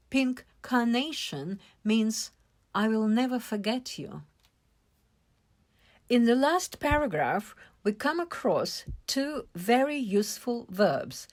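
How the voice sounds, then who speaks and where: Slow, lively-voiced woman teaching English. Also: a little high. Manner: slow, careful explaining with stressed syllables. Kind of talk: vocabulary lesson.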